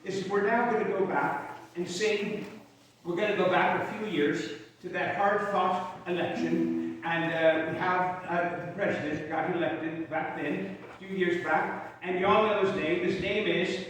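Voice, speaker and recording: A man with an Irish accent plays an Irish Union soldier, chatting to his audience in a folksy, rambling way between songs. His voice sits high for a man. He is heard from a distance in a large, echoing hall. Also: fairly even intonation, unhurried, a bit bright, slight background noise. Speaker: living-history performer in character as an Irish Union soldier. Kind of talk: storytelling in character, with sung songs. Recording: echoey hall, mic far off.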